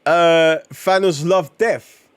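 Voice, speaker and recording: A man reacting excitedly to comics on a live stream, exclaiming and swearing often in slangy talk. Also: a little high, takes it slowly, clean tone, no room sound.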